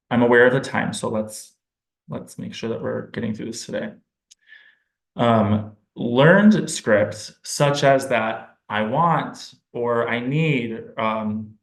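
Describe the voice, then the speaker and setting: A man speaks at a middle pitch, explaining his subject in a relaxed, informal teaching way. He pauses now and then to think aloud. The recording is roomy, with noticeable echo. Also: vocal fry. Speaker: speech-language pathologist presenting to parents.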